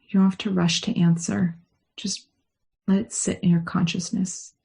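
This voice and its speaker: A woman rabbi leading a guided meditation and teaching, with a gentle, unhurried guiding tone. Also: lowish voice, level tone, gravelly, breathy edge. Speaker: rabbi leading a study session.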